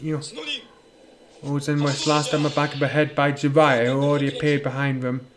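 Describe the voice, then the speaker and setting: A man's voice: medium pitch, completely flat delivery, brisk, crowd noise. Man reading a fan story aloud. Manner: plain reading with slips and self-corrections. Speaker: narrator.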